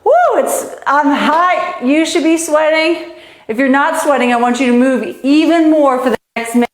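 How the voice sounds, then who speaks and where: A woman's voice: high-pitched, steady tone, normal speed. A woman coaching kids through a live online tennis lesson, out of breath and encouraging them while she hits and counts. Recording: echoey room.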